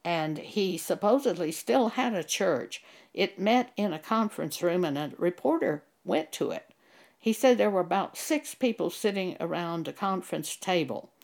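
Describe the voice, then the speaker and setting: Older lady preaching from the bible, earnest and emphatic, low-ish voice. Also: lively intonation, normal speed, vocal fry, a little mellow. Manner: earnest, emphatic, quotes scripture. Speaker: Bible teacher. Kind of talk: recorded Bible teaching.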